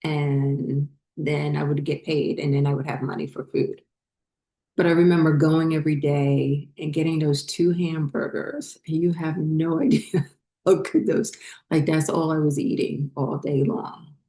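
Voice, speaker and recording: A woman telling a personal story in a rambling, halting way, full of fillers and restarts, as a spiritual vlogger. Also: sits low, fairly even intonation, warm tone.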